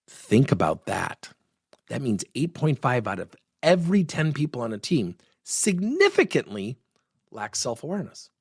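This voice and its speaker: A middle-aged man giving a workplace coaching lesson, telling stories and acting out the dialogue with lively energy. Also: mid-range voice, creaky, breathy edge, no room sound, clean studio sound. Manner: animated, acts out quoted dialogue.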